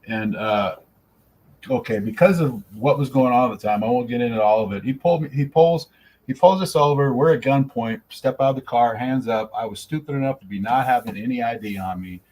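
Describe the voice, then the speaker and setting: A husky-voiced man spins a funny story in casual chat, jumping into the voices of the people he quotes. His delivery is animated and mid-pitched, with plenty of energy. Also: a little fast, poor audio. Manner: animated anecdote teller, acts out quotes. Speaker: stream co-host.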